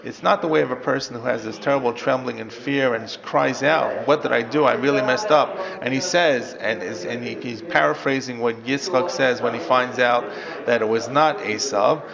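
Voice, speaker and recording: A man with a gravelly, creaky voice teaches a roomful of students, reading out Hebrew lines and translating them as he goes. The recording is dull and lo-fi, with the chatter of the class clearly heard behind him. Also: medium pitch, normal speed. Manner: explains step by step, reads Hebrew then translates. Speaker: rabbi teaching a text class. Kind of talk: classroom Torah lesson.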